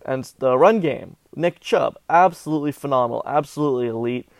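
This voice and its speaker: A man with a gravelly, creaky voice hosts a sports betting show in casual chat. He's animated and melodramatic, mocking himself over his losses. The sound is dry and close to the mic. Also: mid-range voice, fairly quick, no echo. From Southern California. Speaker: sports betting podcast host.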